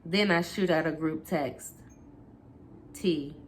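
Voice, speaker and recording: A woman reading a first-person memoir aloud for her book channel, steady and unhurried. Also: low-pitched, slight background noise. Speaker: booktuber.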